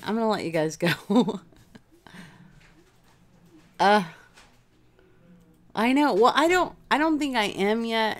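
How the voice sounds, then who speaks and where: A woman hosting a casual crafting livestream from home, rambling chattily and answering viewers' comments by name. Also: medium pitch.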